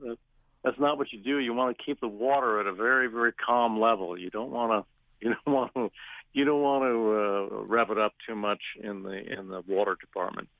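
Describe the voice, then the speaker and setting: A man telling stories in a phone interview, animated, laughing often and restarting his sentences. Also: fairly low pitch, a little fast, dry recording. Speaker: actor guest. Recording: phone line.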